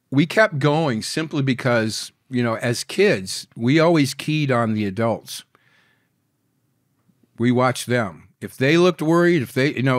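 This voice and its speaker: A man's voice: mid-range voice, no room sound, clean studio sound. Profane rambling older storyteller man. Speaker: podcast guest. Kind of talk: casual storytelling interview.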